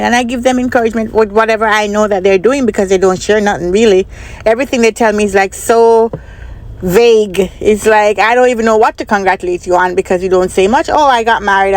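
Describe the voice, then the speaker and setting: A woman talks straight to her viewers, telling a personal story in a loose, chatty way. She circles back over her points and asks the audience for their opinion. Her voice sits a little on the high side. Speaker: vlogger and business analyst trainer. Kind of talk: casual storytelling to camera.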